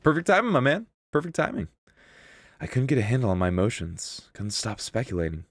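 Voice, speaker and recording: A man's voice: mid-range voice, very animated, brisk, no room sound, studio quality. Playful, slangy male game streamer. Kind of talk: casual let's-play chat, reading game text aloud. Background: faint game music.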